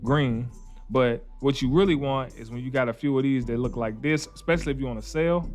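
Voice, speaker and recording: A man, teaching trading in a casual screen-share tutorial with informal, repetitive talk and slangy asides. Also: medium pitch. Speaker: trading educator.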